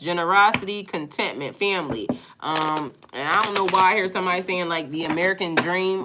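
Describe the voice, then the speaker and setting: A woman's voice: on the low side, very noisy. A woman giving a casual, chatty live-stream tarot reading, laughing often and reading out viewer comments. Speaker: tarot reader.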